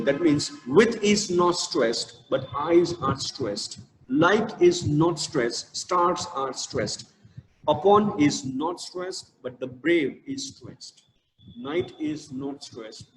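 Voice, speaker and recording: An Indian English man teaching literature in a fairly high voice, full of "uh" and "um". His lecture rings through a roomy space with a long reverb tail and faint background noise. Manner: hesitant, many fillers and restarts; slow stressed reading of verse. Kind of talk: online lecture.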